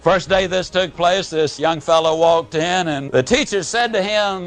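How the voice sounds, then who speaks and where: A man giving a dramatic motivational speech. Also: faint music behind. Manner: storytelling with dramatic pauses and big drops in pitch and volume. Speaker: motivational speaker.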